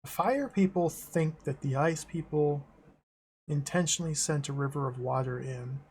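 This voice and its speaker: A man's voice: fairly high pitch, moderate pace, a little mellow, slight background noise. A man streaming a text adventure, reading the game text aloud with playful, amused commentary.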